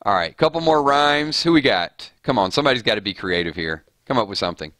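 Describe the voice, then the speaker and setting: A man hosts a loose, playful livestream, reading viewer comments aloud and weighing in on each one. His voice is bright and forceful, a little on the low side, and it sits dry and close to the mic. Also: expressive, fast, dry recording. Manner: playful, reads chat rhymes aloud and judges them. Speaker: livestream host.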